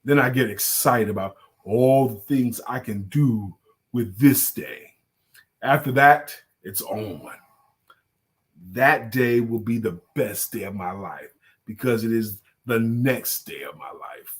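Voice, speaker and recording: A man doing a deep, solemn, slow-talking voice. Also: close to an everyday voice. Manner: slow, deep, deliberate delivery.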